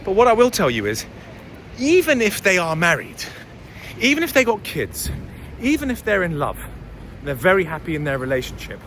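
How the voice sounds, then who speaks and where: Brief: blunt young male vlogger, lively swooping delivery, slightly high voice, faint street traffic behind. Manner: blunt, opinionated, swears. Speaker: dating and life coach. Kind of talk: casual vlog monologue.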